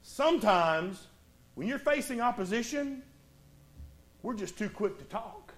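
A very high-voiced man delivers an animated sermon built around a Bible story, pausing for dramatic effect. His voice climbs to urgent, raised moments and then sinks almost to a hush.

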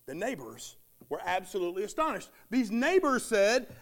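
A man's voice: high voice, very animated, moderate pace. A man preaching a sermon with emphatic, repeating phrases, acting out the words of the townsfolk.

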